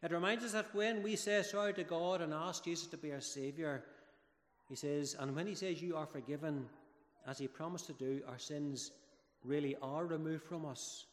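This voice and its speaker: A man giving a children's talk during a church service, telling the story with lively, dramatic build-ups. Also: a little high. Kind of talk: children's sermon. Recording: echoey church hall with long reverb.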